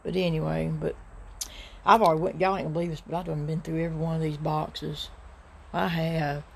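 A woman's voice: low-pitched, flat delivery, fairly quick, vocal fry, a little hiss or hum. A middle-aged woman with a Southern US accent, chatting casually to her viewers in a thrift-shopping vlog. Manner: chatty, drawling, addresses viewers as y'all. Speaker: vlogger.

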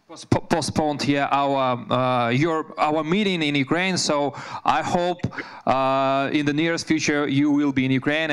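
A man's voice: medium pitch, smooth. A man on a panel discussion, stammering and restarting his words as he speaks. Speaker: panel participant, parliamentarian.

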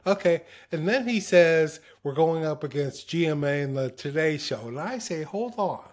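A man's voice: fairly high pitch, lively intonation, normal speed. A man guest in a casual interview, telling anecdotes, acting out quoted voices and laughing often. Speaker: interview guest, former TV broadcaster.

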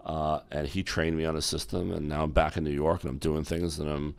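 This former exchange executive, a middle-aged man from the United States, is an interview guest who brings his stories to life and imitates those he quotes. He has a clear, resonant bass with vocal fry, a level tone, and a fairly quick delivery.

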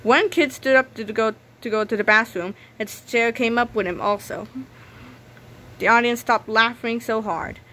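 Bright-voiced woman reading a storybook. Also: on the high side, normal speed. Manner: storytelling with small slips. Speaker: reader. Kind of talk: reading a children's book aloud.

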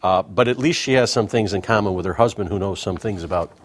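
A man's voice: lowish voice, quick pace. A man hosting a comedic talk show, delivering a wisecracking monologue.

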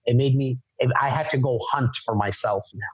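A man's voice: medium pitch, brisk, breathy edge, dry recording. A man in his forties, a guest on a podcast, talking casually and often repeating words as he restarts his sentences. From Canada. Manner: repeats words often, many false starts. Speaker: podcast guest, real estate entrepreneur. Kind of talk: casual interview talk. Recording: dry, slightly muffled lo-fi sound.

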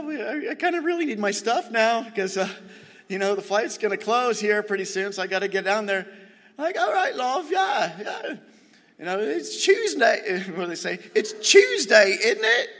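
Pastor guy telling a funny story in his sermon, kinda higher voice, big churchy reverb. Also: a bit bright. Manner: chatty, self-deprecating storyteller. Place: church sanctuary. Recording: long church hall reverb.

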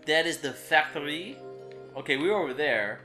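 A man's voice: on the high side, animated, moderate pace, bright, forceful tone. A father co-hosting a gameplay video with his son, joking, teasing and laughing a lot as he plays. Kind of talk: playful gaming commentary. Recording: roomy echo with background music.

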